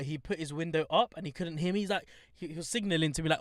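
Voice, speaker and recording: A young man with a London accent, co-hosting a podcast and telling a story in lively casual chat, acting out other people in high voices. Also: very fast, no room sound, clean studio sound. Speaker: podcast co-host. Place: studio.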